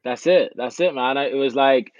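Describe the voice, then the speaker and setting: A British man, an actor, chatting casually as an interview guest, relaxed and full of "you know" and "man". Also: mid-range voice, normal speed, no echo, highs cut off. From England.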